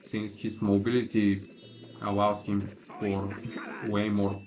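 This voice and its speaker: A man's voice: lowish voice, monotone, slow, music in the background. A man giving casual, opinionated livestream commentary while he plays, with a laid-back manner and lots of filler words. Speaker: gaming livestreamer.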